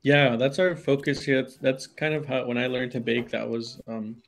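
Man, guest baker, gravelly, creaky, hesitant, earnest, medium pitch. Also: flat delivery, normal speed. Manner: hesitant, many restarts, earnest. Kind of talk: studio interview. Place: radio studio.

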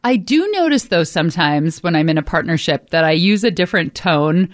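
A woman's voice: lowish voice, expressive, brisk, no room sound. A woman reporting on a radio show, talking candidly and wryly, like telling a story to the host in a studio. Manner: candid, chatty, wry storyteller. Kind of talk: casual radio chat. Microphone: studio microphone.

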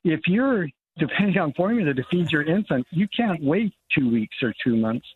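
A man's voice: a little high, expressive, normal speed, slight background noise. Older man on a tinny phone line. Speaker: congressman, guest. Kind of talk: radio interview by phone.

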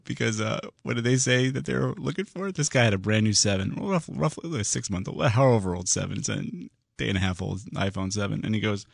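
A man hosting a call-in radio show about computers, chatty and quick to laugh. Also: gravelly, no echo, studio quality. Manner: chatty, laughs often, lively pitch swings.

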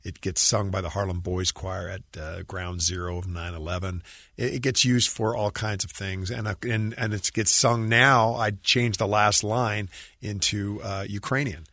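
A man's voice: lowish voice, fairly even intonation, normal speed, pushed and bright, no echo, studio quality. A man, a musician guest, talking in an earnest, reflective, friendly way in a casual interview.

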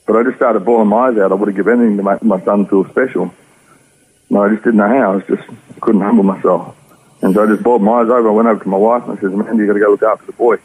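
Speaking at a quick clip with a steady tone, an Australian man gives his personal testimony as an interview guest, earnest and meandering. His voice is low and husky, and the audio sounds thin and tinny, like a radio phone-in.

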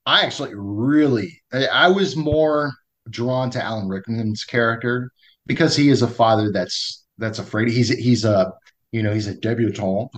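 A man's voice: medium pitch, moderate pace. Joking man podcast co-host. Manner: joking, stumbling restarts. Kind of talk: casual film discussion.

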